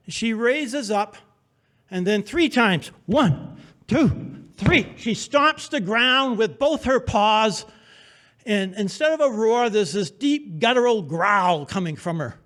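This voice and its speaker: A man telling a personal adventure story on stage at a live storytelling show, in a wry, humorous, vivid present-tense way. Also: high voice. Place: theater stage before an audience.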